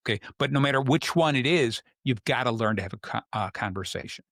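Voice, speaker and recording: A man's voice: mid-range voice, expressive, fast, fairly bright tone, no echo, clean studio sound. Man hosting a casual advice chat. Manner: conversational, acts out quoted people. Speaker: host.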